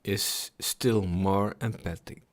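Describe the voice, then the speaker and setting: A man slowly reading and explaining devotional scripture, chanting at times, pausing to reflect and repeating his words. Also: lowish voice, steady tone. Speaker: scripture reader. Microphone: computer mic on a livestream.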